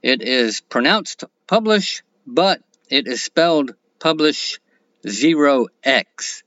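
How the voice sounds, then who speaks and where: A man's voice: mid-range voice, slow, a bit bright, dry recording, muffled recording. A man hosting a solo podcast, talking plainly and counting his points off one by one. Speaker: podcast host.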